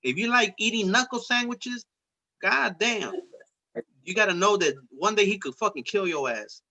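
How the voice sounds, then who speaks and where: Young man, host, high voice, profane animated storytelling, muffled lo-fi sound. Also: moderate pace. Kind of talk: casual chat.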